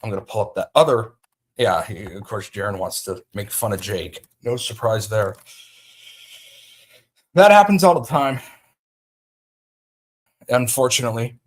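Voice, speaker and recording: A man's voice: fairly low pitch, expressive, measured pace, pauses often. A man hosting a livestream, ranting agitatedly about a feud, with frequent restarts. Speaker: livestream host. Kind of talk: livestream commentary.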